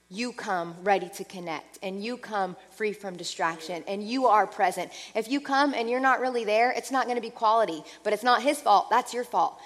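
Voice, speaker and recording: A woman preaching a sermon earnestly, moving between lively passages and soft, hushed ones. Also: medium pitch, big-room sound.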